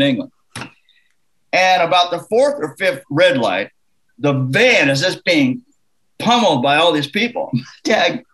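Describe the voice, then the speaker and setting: Animated Canadian-raised man telling stories. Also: a little high, low-quality recording. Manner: animated, laughing anecdote teller. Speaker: country musician guest. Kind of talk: casual interview storytelling.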